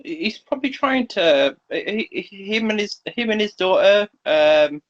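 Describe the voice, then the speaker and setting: A man describes what his character has been up to in a tabletop game, halting and hunting for words. His voice sits a little high for a man. The recording sounds dull and lo-fi. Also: expressive. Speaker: player.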